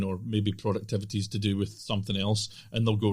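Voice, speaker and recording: A man's voice: lowish voice, flat delivery, quick pace. A man hosting a podcast interview, talking casually and often stopping and restarting his sentences. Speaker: podcast host.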